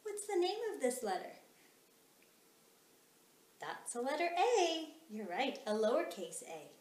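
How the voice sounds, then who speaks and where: A woman teaching a kindergarten phonics lesson, slow and encouraging in a sing-song teacher manner. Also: a little high, very animated, darkish tone. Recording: echoey room.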